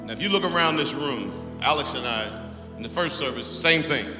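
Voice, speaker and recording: A middle-aged male pastor preaching a sermon, swinging between loud, animated exhortation and hushed storytelling. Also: medium pitch, normal speed, music in the background. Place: church auditorium. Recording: long reverb of a large hall.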